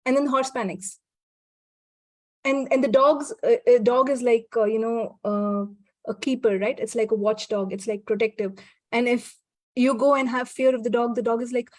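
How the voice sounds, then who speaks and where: A woman guest in a casual conversation, speaking reflectively with frequent restarts and soft laughs. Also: on the high side, fairly even intonation, normal speed, dry recording.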